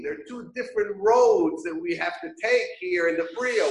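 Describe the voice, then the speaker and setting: A man teaching a Torah class, an animated storyteller who acts out the characters of his parables. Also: sits high, normal speed, hardly any pauses. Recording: echoey room.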